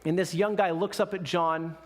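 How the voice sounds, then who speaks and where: A man's voice: high voice, moderate pace. Male pastor telling a story in a sermon. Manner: lively storytelling with quoted voices. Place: church sanctuary. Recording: echoey church hall.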